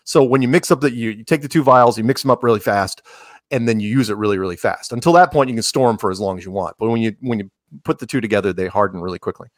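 A man's voice: on the low side, fast, no room sound, studio quality. A man talking casually as a podcast guest, rambling with many restarts and sarcastic asides. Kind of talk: casual conversational interview.

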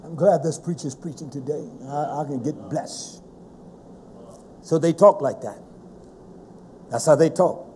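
Man, preacher, sermon, high pitch, dramatic, repetitive. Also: a little slow, long pauses, a little hiss or hum. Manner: dramatic, repetitive, rising to shouts.

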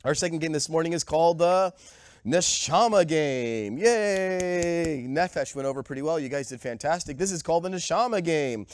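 Speaking fast with few pauses, this man has a higher-leaning, slightly mellow voice. He's a pastor with a cold, giving a conversational sermon in a church sanctuary, putting questions to the congregation and occasionally running short of breath.

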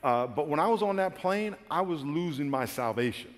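A man pastor telling a funny personal story in a sermon, acting out his own frantic lines with bursts of shouting and laughter. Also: on the high side, expressive, normal speed, big-room sound, heavy background noise. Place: large church auditorium.

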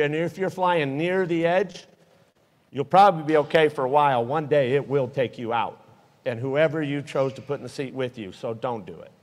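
Earnest man in an echoey hangar. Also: a little high. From Utah. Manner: earnest, emotional, storytelling. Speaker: guest speaker. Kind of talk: live safety talk to an audience. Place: hangar event space. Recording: echoey hall with long reverb.

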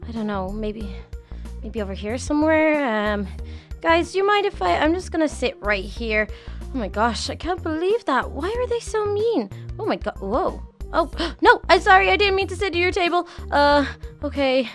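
Over faint background music, a channel host uses a high, very animated voice at normal speed to play an eager, nervous young schoolgirl. She chats to herself through a game roleplay, full of gushing exclamations.

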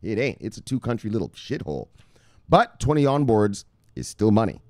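A rowdy, foul-mouthed man riffs through his cryptocurrency vlog in loose street slang. His pitch swings wildly from low mutters to high yelps. The recording is dry, with no room sound. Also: sing-song, a little fast, darkish tone, no room sound. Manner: boisterous and profane, street slang. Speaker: crypto news vlogger. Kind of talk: casual profane commentary.

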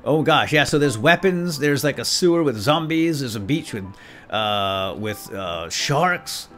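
Excitable man doing silly game commentary. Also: mid-range voice, measured pace, faint music behind. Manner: excitable, exclaiming, giggly. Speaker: let's play host.

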